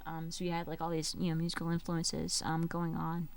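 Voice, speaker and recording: A woman's voice: low-pitched, monotone, brisk. A woman telling a music history story on a casual podcast, rambling with many fillers and restarts. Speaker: music history trivia presenter. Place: basement studio.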